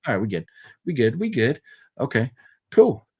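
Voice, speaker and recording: A man's voice: mid-range voice, sing-song, a little fast, husky. A young American man hosting a casual live stream, talking loosely with lots of fillers and restarts while he reads and answers viewer comments. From United States. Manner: rambling, many fillers and restarts, friendly. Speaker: livestream host. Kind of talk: casual live chat reading super chats.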